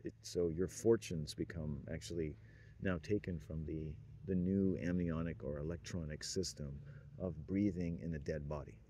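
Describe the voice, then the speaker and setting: Low-voiced guy rambling on, chuckly, wandering thoughts, faint hiss behind. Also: steady tone, normal speed, dark tone. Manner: meandering, frequent chuckles, trailing off. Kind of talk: rambling stream-of-consciousness monologue.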